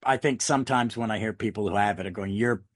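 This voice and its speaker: A man's voice: fairly low pitch, quick pace, no echo, studio quality. An American man chatting casually on a podcast, rambling through anecdotes and tangents. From United States. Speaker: podcast co-host.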